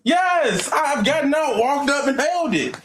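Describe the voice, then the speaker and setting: A man's voice: extremely high pitch, animated, a little slow, roomy sound, crowd noise. A man on a casual panel debate, joking and laughing and dodging questions. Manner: joking, laughing, evasive, trolling. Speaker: panel guest.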